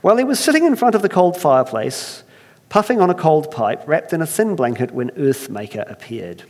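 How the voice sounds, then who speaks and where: A male pastor giving a sermon, conversational and self-deprecating, slowing down to tell a once-upon-a-time story. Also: fairly high pitch, sing-song, darkish tone, big-room sound.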